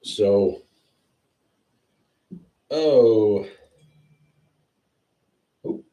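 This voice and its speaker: A man hosting a whiskey tasting livestream, chatting casually and excitedly as he tastes. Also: fairly low pitch, drawn-out words, distant mic. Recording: roomy sound, a bit off-mic.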